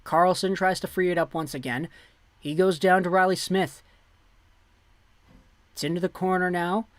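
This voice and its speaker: A man calling hockey play-by-play on his own livestream, excitable and jumping up loud on big saves. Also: high voice, moderate pace, no echo. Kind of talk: play-by-play commentary.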